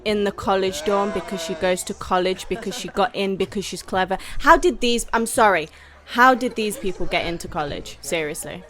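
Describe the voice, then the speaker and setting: A woman's voice: medium pitch, normal speed, a bit bright, soft background music. A British woman hosting a movie reaction, talking frankly and sarcastically with lots of "like" in a casual chat. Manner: frank, sarcastic ranting with many "like"s.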